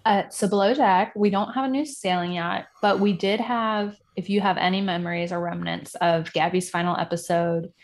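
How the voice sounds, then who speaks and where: A woman's voice: lowish voice, fairly even intonation, moderate pace, few pauses. A woman from Puerto Rico co-hosting a casual podcast chat, talking in a chatty way full of fillers and asides. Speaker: podcast co-host. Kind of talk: casual chat about reality TV.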